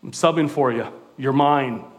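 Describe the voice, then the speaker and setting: A man's voice: medium pitch, moderate pace, big-room sound, close to an everyday voice. A man voicing God as a commanding, fatherly figure who calls out short, repeated proclamations. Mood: proclaiming. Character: God calling out substitutions, commanding and fatherly, male.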